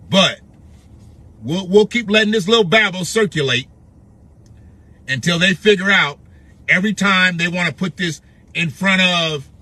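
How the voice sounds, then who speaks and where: A man with a fairly high, bright and forceful voice, commenting on news clips. He is blunt and sarcastic, and he mocks what he hears with repeated questions. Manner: sarcastic, blunt, mocking repetition.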